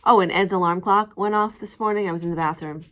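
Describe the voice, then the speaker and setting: Woman vlogger, middle-aged, rambling casual chat, laughs a lot, slightly low pitch. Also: fairly even intonation, fast talker, a bit bright. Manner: chatty, laughing often, rambling with fillers.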